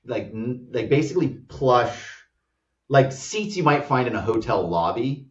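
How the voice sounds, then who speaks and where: The speaker, an American man who helped found a startup, rambles through a travel anecdote as a guest, sprinkling in plenty of "like." His medium-pitched voice is animated yet measured in pace. The recording feels distant and roomy, with a dull quality.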